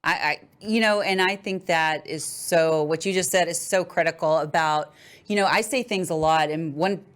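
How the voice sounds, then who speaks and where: A woman hosting a podcast, talking quickly and casually with many fillers. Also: lowish voice. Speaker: podcast host. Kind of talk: casual chat.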